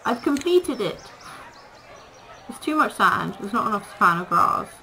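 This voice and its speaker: A woman's voice: mid-range voice, big pitch swings, unhurried, sharp tone. A woman casually commenting on her gameplay, chatting to the animals in the game and laughing often. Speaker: gaming video creator. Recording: noisy home recording.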